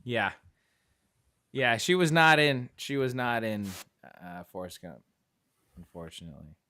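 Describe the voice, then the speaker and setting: Animated, bright-voiced man chatting movies. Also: mid-range voice, measured pace. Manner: animated, acts out quotes in funny voices. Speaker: podcast co-host. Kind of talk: casual movie chat.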